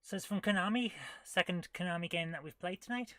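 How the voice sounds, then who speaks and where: A woman's voice: lowish voice, fairly quick, bright, forceful tone, no echo, studio quality. A woman streaming retro games, thinking aloud as she plays and reacting with amused disbelief. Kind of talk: casual live gameplay commentary.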